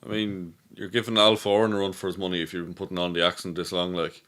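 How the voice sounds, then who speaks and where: A man's voice: low-pitched, level tone, fast, a bit bright. A man co-hosting the stream, adding short, dry side remarks. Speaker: co-host.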